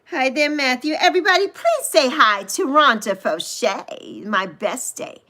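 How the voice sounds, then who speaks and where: A woman in her sixties hosting a casual livestream, chatting with viewers and gushing over them with drawn-out coos. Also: high-pitched, expressive, sharp tone. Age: 60s. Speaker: livestream host. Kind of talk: casual livestream chat reading viewer comments.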